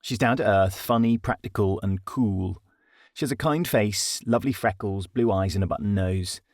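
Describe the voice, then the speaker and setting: A man's voice: on the low side, normal speed, no echo, clean studio sound. A man with a British accent narrating his comedy audiobook in a wry, self-deprecating way. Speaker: narrator and author.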